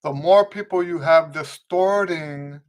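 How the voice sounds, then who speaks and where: An easygoing male trumpet teacher hosts a live Q&A, answering viewer questions in a casual livestream lesson. He's relaxed and conversational, speaking a little slowly in a fairly high voice, often restarting and checking in with "okay?"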